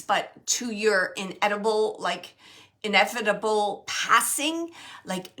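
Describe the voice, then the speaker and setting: A woman giving a live mediumship reading, halting and searching, with many fillers as she relays messages. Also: medium pitch, fairly bright tone. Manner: relays spirit messages to the sitters.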